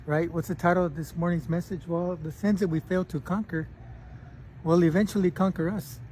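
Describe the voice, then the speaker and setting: A male pastor giving a casual, conversational sermon, often clearing his throat, restarting phrases and checking in with a quick "right?". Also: fairly high pitch, darkish tone, slight background noise.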